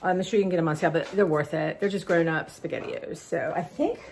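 A woman in her fifties chatting casually to her viewers, rambling and warm with drawn-out "y'all"s and sighs. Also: lowish voice, steady tone, slight background noise. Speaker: vlogger. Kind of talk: casual haul chat.

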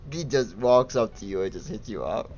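A young man streams a game with casual, giggly commentary. He laughs easily and gets excited over loot while chatting with viewers. His voice sits mid-pitch and comes through a slightly dull, lo-fi mic. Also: slight background noise. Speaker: gaming livestreamer.

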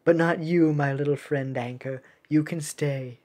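Game villain-ish captain: stern, formal, British-accented female ice captain, done by a woman reader, low and measured. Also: steady tone, a little mellow. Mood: dry. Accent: British (put on).

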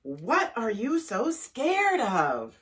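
A woman voicing a puzzled bat that speaks slowly and emphatically. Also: fairly high pitch, wildly swooping pitch, fairly bright tone, recorded from a distance, pitched above the performer's own voice, heavily acted. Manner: slow and emphatic. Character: puzzled bat, calm and drawn out.

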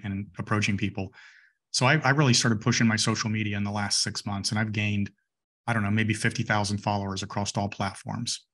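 A man who is a guest on a podcast, telling stories from his sales work in a relaxed, conversational way with quick restarts. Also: on the low side. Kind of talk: casual interview chat.

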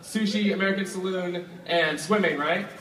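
A man's voice: high voice, normal speed. A young man performing as a stage magician, talking casually and with energy to a live audience, hyping them up and chatting with helpers. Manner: energetic, hyping the crowd, filler "like". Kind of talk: live stage show patter. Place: live show venue with audience. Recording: echoey hall, from a distance, crowd and noise.

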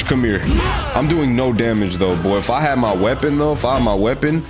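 A young man giving casual, excitable gameplay commentary, joking and trash-talking. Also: mid-range voice, fairly quick, over loud music. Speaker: gaming video host.

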